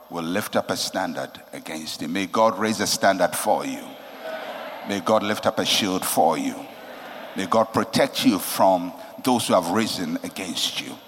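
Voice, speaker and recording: A man preaching a sermon with passion, swinging between soaring, emphatic lines and hushed, low ones. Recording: long reverb of a large hall.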